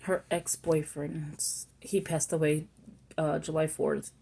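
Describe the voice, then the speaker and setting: A woman's voice: sits low, little pitch movement, slow pace, gravelly, dark tone, husky. A middle-aged woman chatting at home in a loose, rambling way, often losing her thread and circling back. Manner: rambling, self-interrupting, chatty. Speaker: planner vlogger. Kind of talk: casual rambling chat.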